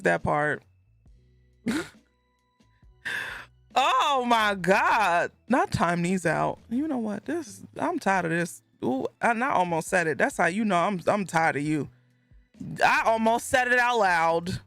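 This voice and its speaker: Woman gaming streamer, bantering with chat, swinging lively pitch, dry close sound, faint music behind. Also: no echo. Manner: animated, laughs a lot, banters with chat. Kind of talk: casual live-stream chat.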